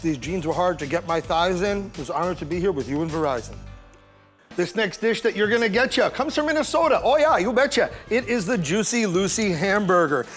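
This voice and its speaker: A man's voice: high-pitched, animated, a little fast, a bit bright, soft background music. A man from New York presenting state dishes in a playful, pun-heavy showman style. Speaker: food show host. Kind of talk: punny scripted food presentation.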